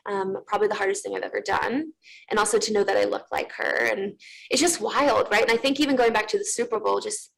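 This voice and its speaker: A woman's voice: medium pitch, fairly even intonation, quick pace, gravelly, a bit bright, poor audio. A young woman from Russia, a guest in an interview, telling a heartfelt personal story in a candid way full of fillers. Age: young adult.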